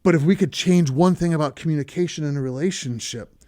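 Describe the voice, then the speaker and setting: Talking fast in a warm, slightly high voice, a male podcaster makes his case earnestly and emphatically, repeating words for stress.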